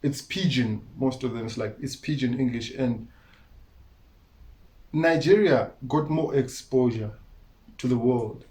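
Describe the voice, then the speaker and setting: A man's voice: mid-range voice, a little slow, long pauses, darkish tone. A man from Malawi with a Malawian accent, talking earnestly as an interview guest and often breaking into laughter. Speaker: musician guest. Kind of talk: casual interview talk.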